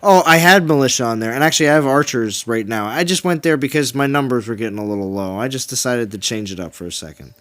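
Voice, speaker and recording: A man's voice: mid-range voice, quick pace, hardly any pauses, a bit bright. A man hosting a game stream, chatting casually and reading out viewer comments in an upbeat, repetitive way. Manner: upbeat, reads out chat and repeats himself. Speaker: stream host. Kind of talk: casual chat while gaming.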